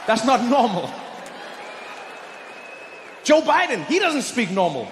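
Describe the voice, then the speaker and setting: A man doing stand-up comedy on stage, animated and mock-indignant. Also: very high-pitched, slow, some chatter behind. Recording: echoey hall with background noise.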